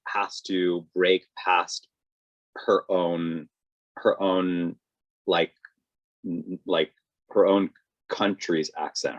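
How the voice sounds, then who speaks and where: A man co-hosting a podcast, chatting casually and working through his thoughts carefully as he searches for words. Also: fairly low pitch. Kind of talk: casual chat.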